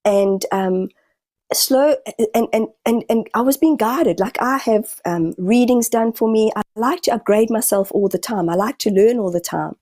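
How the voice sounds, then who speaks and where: Mellow, dry-voiced woman searching for words. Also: on the high side, no echo. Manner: halting, searching, frequent restarts. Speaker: guest medium and healer. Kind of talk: podcast conversation.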